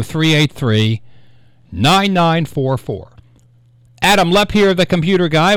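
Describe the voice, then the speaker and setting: A man's voice: fairly high pitch, fairly bright tone, no echo. A man hosting a local radio show, talking in a chatty, rambling way. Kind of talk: casual radio talk show monologue. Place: small radio studio. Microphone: studio microphone.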